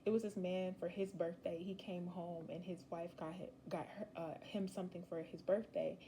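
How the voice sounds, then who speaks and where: A woman's voice: on the low side, steady tone, normal speed, few pauses, dark tone, a little hiss or hum, rough recording. A young woman giving a casual, rambling tarot reading, chatty and slangy with emphatic asides. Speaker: tarot reader.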